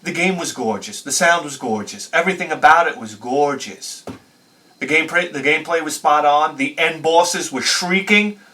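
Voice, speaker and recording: A man with a bright, somewhat high voice tells long, rambling stories. He swears freely and laughs at his own jokes. He sits a bit back from the microphone. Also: moderate pace, far from the mic. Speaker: retro game channel host. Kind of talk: rambling storytelling review.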